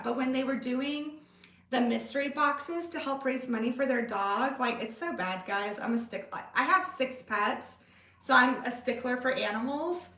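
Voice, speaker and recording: A woman's voice: high-pitched, bright, forceful tone, recorded from a distance. A woman in her thirties hosting a casual livestream, bubbly and gushing as she chats with viewers. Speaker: livestream host. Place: home room. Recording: echoey room, away from the mic.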